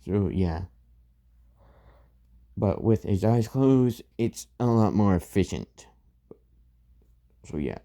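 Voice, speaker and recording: A man's voice: on the low side, expressive, slow, pauses often, mellow. A man casually retelling a fan-made story, rambling with many fillers and restarts.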